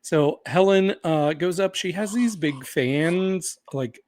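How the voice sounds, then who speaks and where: A man co-hosting a podcast in casual recap chat, relaxed and chatty. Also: fairly high pitch, slow pace, slight background noise. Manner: relaxed, chatty, laughs and hedges with "like" and "um". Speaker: podcast co-host.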